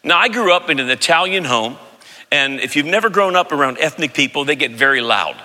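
A man in his fifties preaching a sermon as pastor, telling stories with animated, loud impressions of family voices. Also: fairly high pitch, brisk. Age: 50s. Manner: animated storytelling, mimics voices loudly. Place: large church sanctuary. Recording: long hall reverb.

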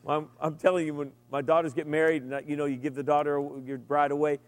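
A middle-aged man preaching a sermon, animated and humorous, with sudden emphatic rises. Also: on the high side, quick pace. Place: large hall with an audience. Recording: long reverb from a large room.

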